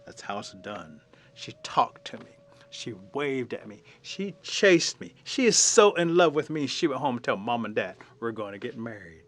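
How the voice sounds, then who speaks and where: A man's voice: medium pitch, expressive, moderate pace, close to an everyday voice. A man voicing a cocky little male mud dauber insect in a spoken folk tale, boastful and teasing.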